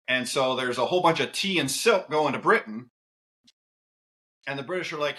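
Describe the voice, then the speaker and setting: A man who is a podcast guest, talking casually and telling stories with quick asides. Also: medium pitch. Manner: animated, lively storytelling with quick asides.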